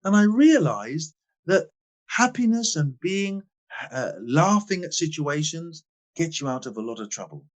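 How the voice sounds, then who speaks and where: A man in his sixties from England, a guest in a podcast interview, telling stories with emphatic stress and quiet asides. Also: on the high side, big pitch swings, measured pace. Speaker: guest, former footballer. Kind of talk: animated storytelling in a podcast interview.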